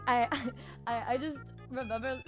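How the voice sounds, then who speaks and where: A young woman with a very high voice chats casually with a friend. She teases and stays animated, breaking into loud laughter. Faint music plays behind her. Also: measured pace. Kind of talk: casual chat.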